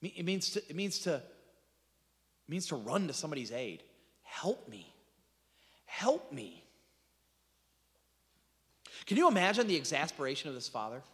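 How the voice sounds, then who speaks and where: A man preaching a sermon as pastor, stumbling over restarts and swinging between loud outbursts and hushed asides. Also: a little high, sing-song, fast, in a large hall. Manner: impassioned preaching with repeated restarts and dramatic drops to near-whispers.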